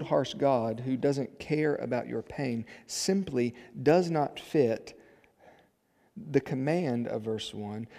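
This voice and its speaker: Man, pastor, sermon, gravelly edge, slightly high voice, emphatic. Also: long reverb tail. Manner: swings from soft to loud, emphatic.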